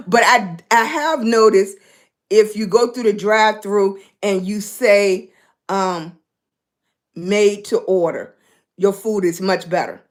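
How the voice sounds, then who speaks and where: A woman's voice: mid-range voice, slow. An older woman hosting a casual livestream, chatting with her viewers and thanking them by name. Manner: chatty, thanks viewers by name, folksy Southern-style speech. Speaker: livestream host. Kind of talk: casual live-stream chat.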